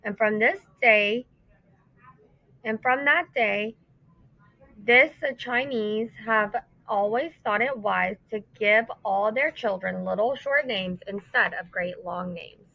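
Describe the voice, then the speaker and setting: A woman teacher who reads a story aloud to children and then explains it, in an expressive, emphatic way. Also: medium pitch, takes it slowly, gravelly, no echo. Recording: dull lo-fi dry recording.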